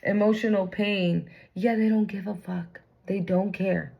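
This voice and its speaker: A woman's voice: medium pitch, steady tone, measured pace, vocal fry, dull audio. A woman giving a casual tarot reading, blunt and profane, full of slang. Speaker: tarot reader.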